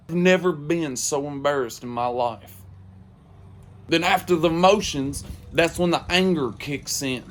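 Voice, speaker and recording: A man telling a comedic story in a casual way, swearing freely and delivering his punchlines flatly. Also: fairly high pitch, a little slow. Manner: profane, animated, deadpan punchlines.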